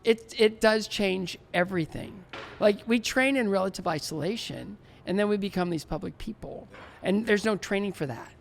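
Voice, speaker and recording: Gravelly man in his sixties, storytelling. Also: sits high, moderate pace, few pauses, slight background noise. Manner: animated, laughs often, acts out remembered dialogue. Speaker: guest, former Olympic figure skater. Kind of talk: casual interview storytelling.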